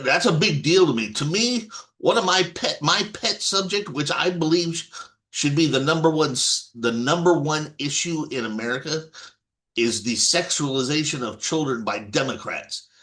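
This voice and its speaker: A man's voice: fairly high pitch, a bit bright. A man giving an off-the-cuff political monologue to his viewers, rambling with many restarts and blunt swearing. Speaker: political commentator.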